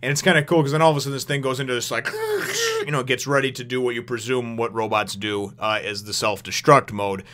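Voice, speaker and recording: A fast-talking man giving a loose, rambling manga review, with cusses and laughs sprinkled through. His voice is bright and forward, at a middle pitch for a man. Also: sing-song, slight background noise. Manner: rambling, profane, laughs often.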